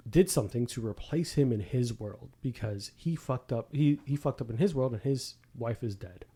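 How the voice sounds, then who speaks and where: A husky mid-range voice at a moderate pace belongs to a man hosting a podcast. In casual chat he tells stories packed with swearing and acts out quotes with animated energy.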